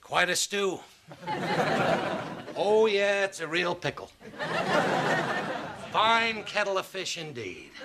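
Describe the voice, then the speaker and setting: A wisecracking sitcom father, dry and sarcastic. His voice sits a bit high and swings lively up and down. Loud noise hangs behind the recording. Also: slow pace, gravelly, pauses often, exaggerated voice. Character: sarcastic blustering sitcom dad, middle-aged. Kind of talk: multi-camera sitcom acting.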